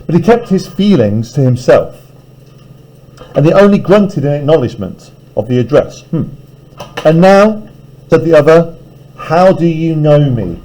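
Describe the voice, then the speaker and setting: Lively male teacher reading aloud. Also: fairly high pitch, a little slow, rough recording. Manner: reads aloud, then paraphrases casually. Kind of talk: classroom reading and explanation. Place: classroom.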